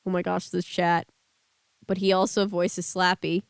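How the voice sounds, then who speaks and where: A woman's voice: fairly low pitch, level tone, a little slow, vocal fry, clean tone, no room sound. A woman streamer reading a book aloud and chatting casually with her live chat.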